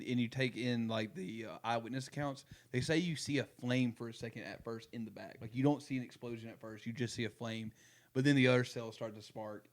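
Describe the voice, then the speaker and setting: A young man hosting a casual podcast chat, rambling with many fillers and restarts. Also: mid-range voice. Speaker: podcast host.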